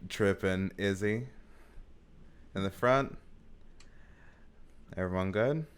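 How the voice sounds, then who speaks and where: A man running a tabletop role-playing game, animated and quick to laugh. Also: sits low, clean tone. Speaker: game master.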